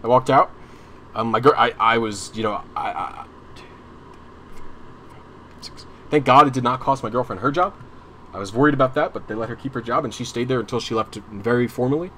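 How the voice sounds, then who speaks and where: A man's voice: medium pitch, a little fast, long pauses, fairly bright tone, slight background noise. A young man streaming a game, telling a long personal story in a casual, rambling way with many restarts and some swearing. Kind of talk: casual storytelling while gaming.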